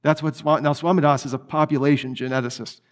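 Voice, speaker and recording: Male lecturer, higher-set voice, chatty teaching style, animated delivery. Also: quick pace. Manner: conversational, animated, with many restarts. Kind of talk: apologetics lecture.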